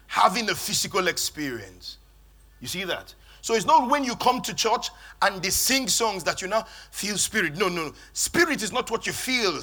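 A man's voice: sits high, sharp tone. A man preaching a sermon in church, leading the congregation in call-and-response. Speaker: pastor.

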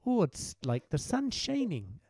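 A delighted, naive Scottish emigrant just off the boat, as a man puts him on in passing. The voice leaps up high and loud, in a broad Scottish accent, with a mellow tone. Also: huge pitch swings, unhurried, exaggerated voice. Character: cheerful Scottish emigrant, newly arrived.

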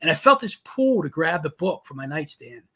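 A middle-aged man with a slightly husky, higher-than-usual voice recounts a family story as co-host. He talks casually and earnestly, animated as he acts out what was said. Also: normal speed. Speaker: father and co-host.

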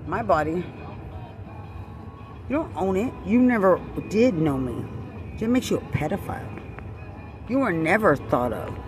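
A man's voice: sits high, sing-song, measured pace, long pauses, over music. A man ranting angrily outdoors, accusing someone over and over and swearing. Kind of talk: angry confrontational rant.

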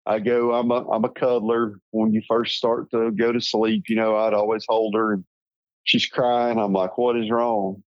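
A middle-aged Southern man from Tennessee, telling his life story as an interview guest in a slow, halting, reflective way. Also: fairly low pitch, level tone, dry recording, dull audio. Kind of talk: personal storytelling.

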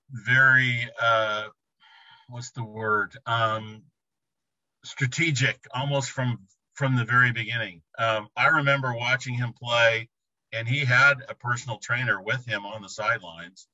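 A man giving a reflective interview answer, often pausing to search for words. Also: medium pitch, bright, forceful tone, dry recording, muffled recording. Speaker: interviewee recalling an athlete.

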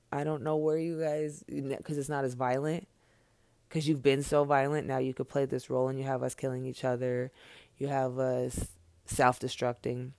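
Gravelly man in an angry rant. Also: on the high side, darkish tone, dry recording. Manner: blunt, profane, preachy, with repeated phrases. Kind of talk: impassioned unscripted monologue.

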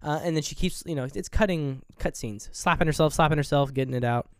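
A man's voice: fairly high pitch, quick pace, clean tone, no room sound, clean studio sound. A man co-hosting a podcast, retelling horror film scenes in casual, profane chat and acting out the characters' lines. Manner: loose and profane, acts out scenes in quoted voices. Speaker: podcast co-host. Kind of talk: casual movie review chat.

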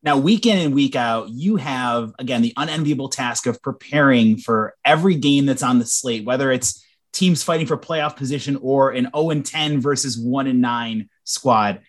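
A man's voice: medium pitch, normal speed. A man interviewing a guest in a casual, conversational way.

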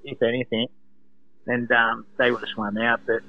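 An Australian man calling in to a radio show from home, telling stories in an animated way, laughing often and acting out quotes. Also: mid-range voice, moderate pace. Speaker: guest, former lifeguard. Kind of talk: casual storytelling on a radio call. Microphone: phone. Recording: tinny phone line.

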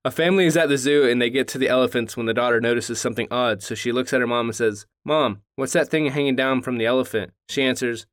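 A man's voice: medium pitch, fast, hardly any pauses, no room sound. A man hosting a casual podcast, telling dirty jokes and stories among friends, acting out the quoted lines and laughing at his own punchlines.

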